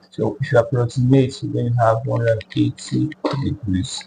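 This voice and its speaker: A man slowly working through a math tutorial step by step, repeating each number aloud as he goes. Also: medium pitch, little pitch movement, creaky, warm tone, a little hiss or hum, poor audio. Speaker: math teacher.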